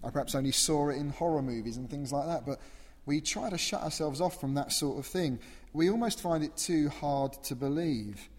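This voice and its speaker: A man delivers a sermon in a slightly high voice, earnest and emphatic, working through his points with rhetorical questions. His words ring out with the long echo of a large church hall. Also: normal speed, husky. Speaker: preacher.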